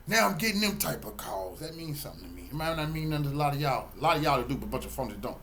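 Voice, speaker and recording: A middle-aged man speaks straight to his viewers in a preachy, emphatic flow. His voice sits a little high for a man, and he stacks up repeated words when he's fired up. It's a loose, heartfelt monologue to camera. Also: big pitch swings, racing, hardly any pauses, a bit bright, slight background noise. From Texas, Galveston County. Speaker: channel host and community activist.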